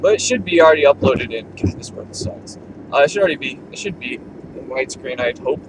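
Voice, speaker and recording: A man's voice: mid-range voice, expressive, brisk. Rambling guy driving, road noise. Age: 20s. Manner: rambling, filler-heavy, laid-back. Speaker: vlogger. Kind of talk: casual storytelling while driving. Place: inside a moving car. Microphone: camera or phone in the car. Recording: loud car road noise. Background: road and engine noise.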